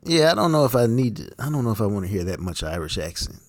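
Man, podcast co-host, short reactions, expressive lively pitch. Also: very fast. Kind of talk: casual chat.

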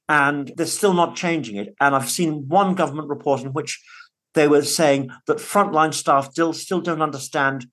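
A man's voice: on the high side, a bit bright. A man speaking as a guest in a conversational interview, earnest and emphatic, often restarting his words. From United Kingdom. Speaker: podcast guest, father.

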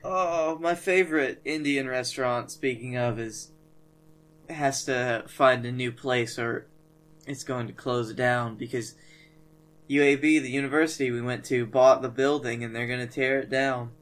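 A man's voice: mid-range voice, steady tone, measured pace, a bit bright. A man co-hosting a casual podcast, trading dry jokes and wisecracks. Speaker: podcast co-host.

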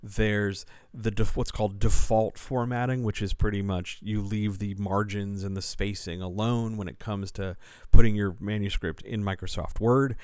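A writing coach and editor answers listener questions on a casual podcast, his fairly low, darkish voice recorded clean with no room sound. He talks things through conversationally and explanatorily, with fillers and restarts.

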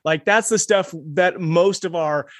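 A man hosting a podcast in casual chat, relaxed and laughing along, saying dude. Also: high-pitched, unhurried, no echo, clean studio sound. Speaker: podcast host.

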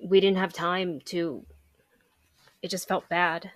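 Low-voiced woman playing her character. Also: flat delivery, slow, dry recording. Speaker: player. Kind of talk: in-character tabletop play.

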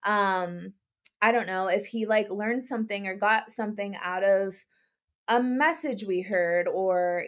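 A young woman co-hosting a podcast, chatting casually. She talks easily and often fills her sentences with little words like "like" and "you know". Her voice sits at an ordinary middle pitch for a woman. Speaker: podcast co-host. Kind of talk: casual chat.

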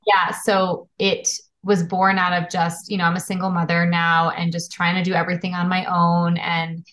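A woman's voice: lowish voice, flat delivery, normal speed, fairly bright tone. A woman publisher as a podcast guest, telling personal stories earnestly and candidly. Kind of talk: casual interview chat.

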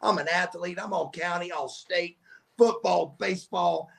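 A middle-aged man, a podcast guest telling stories in a casual, animated way and acting out the voices of the people in them. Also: sits high, measured pace, gravelly. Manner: animated storyteller who acts out quoted voices. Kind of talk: casual storytelling.

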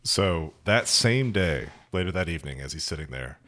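A man with a very deep voice describes what his character does in a tabletop game. He speaks haltingly, stopping often on fillers. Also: animated, a bit bright. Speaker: player. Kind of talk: narrating his character's actions.

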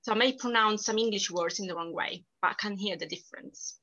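A woman's voice: mid-range voice, brisk, sharp tone. A middle-aged woman from Sicily with a strong Italian accent, talking animatedly as an interview guest. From Sicily, Italy. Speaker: guest, company founder. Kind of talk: casual interview. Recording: dull lo-fi sound.

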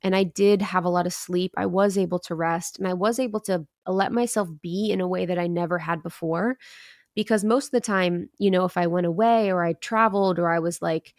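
Gravelly low-voiced woman, candid storyteller. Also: fairly even intonation, fairly quick, no room sound, clean studio sound. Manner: earnest, candid, dips into quoted inner thoughts. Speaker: podcast guest. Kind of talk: reflective storytelling.

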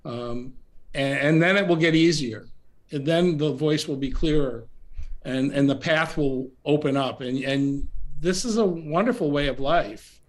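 Male podcast guest, higher voice, soft-spoken and reflective, pauses and restarts. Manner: gentle, unhurried, many restarts and fillers. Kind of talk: reflective interview talk. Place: remote call from home.

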